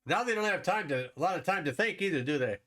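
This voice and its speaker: A man's voice: fairly high pitch, animated, fast, fairly bright tone. A man from Wisconsin hosting a live stream, chatting casually with viewers while commenting on a board game and laughing often.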